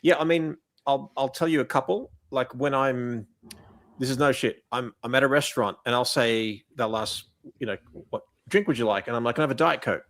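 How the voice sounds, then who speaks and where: A man from Australia with an Australian accent, a podcast guest telling lively stories and often repeating words as he starts. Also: medium pitch, normal speed. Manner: animated storyteller, repeats words when starting. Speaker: guest photographer. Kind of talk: casual podcast interview.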